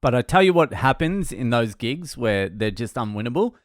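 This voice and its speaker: A stand-up comedian recounting gigs in a casual monologue, blunt and self-mocking, swearing freely. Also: male voice, medium pitch, very animated, normal speed, no room sound, clean studio sound.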